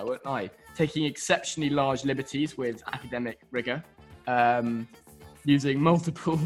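Hombre charlatán y burlón de sí mismo. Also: male voice, medium pitch. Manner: rambling and self-mocking, with frequent laughs. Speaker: podcast co-host. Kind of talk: casual chat.

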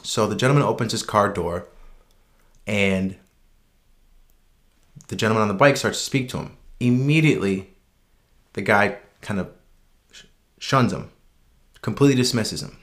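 Deep-voiced man recounting a personal story offhand, unscripted, sincere. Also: moderate pace, pauses often. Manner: relaxed, unscripted, frequent ums and restarts; reflective, earnest. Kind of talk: casual personal anecdote.

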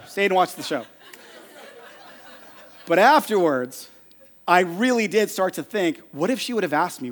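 A middle-aged pastor preaches from the stage, his voice sitting high for a man. He tells an animated, self-deprecating story. The sound trails off in the long reverb of a large hall. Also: a little slow, pauses often, a faint crowd. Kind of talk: storytelling sermon. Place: church stage.

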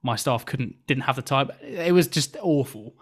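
A young man, telling a work anecdote on a casual podcast with animated, swearing delivery. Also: mid-range voice, normal speed, slightly rough. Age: 20s.

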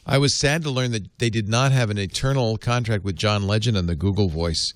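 A man's voice: on the low side, a little fast, dry recording. A man hosting a casual tech podcast, rambling, laughing and reading items from his notes on a close mic. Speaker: podcast host.

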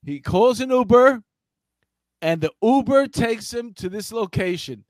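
A man in his fifties co-hosting a casual talk show, telling rambling stories with lots of excitement. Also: extremely high pitch, unhurried, no echo, clean studio sound. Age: 50s. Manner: animated storyteller, rambling and excitable. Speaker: podcast co-host. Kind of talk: casual banter. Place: Los Angeles.

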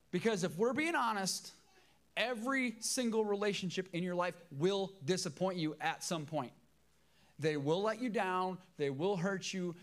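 A middle-aged man preaching a sermon as pastor, emotional and emphatic, repeating key phrases. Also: a little high.

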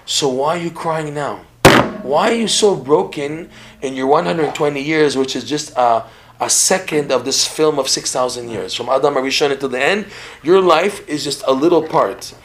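A man's voice: on the high side, normal speed, background noise. A man giving a religious lecture in a podcast conversation, talking animatedly with frequent repeated words and laughs. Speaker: religious teacher.

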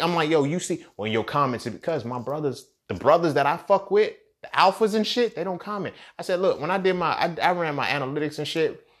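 A young man hosting a solo podcast, rambling and sarcastic, with plenty of swearing and pitch swings between loud outbursts and low mutters. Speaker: podcast host. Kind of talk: casual solo podcast rant.

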